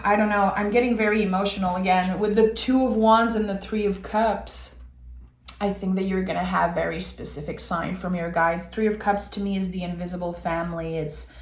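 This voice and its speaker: A woman reads tarot cards in an earnest, heartfelt way, speaking directly to her viewer. Her voice sits in the middle range and carries a noticeable roomy echo. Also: mid-range voice. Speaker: tarot reader. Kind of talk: tarot reading to camera.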